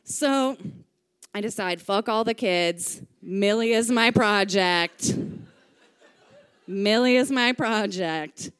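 A woman's voice: mid-range voice, slow, long pauses, a bit bright, clean tone. A woman telling a comic personal story, chatty, swearing freely and acting out the voices she quotes.

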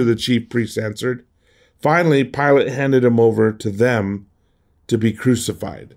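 A middle-aged pastor preaches in an earnest, unscripted way, stumbling and repeating words as he pushes through his points. His voice sits at an ordinary pitch for a man. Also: unhurried, darkish tone. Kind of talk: sermon.

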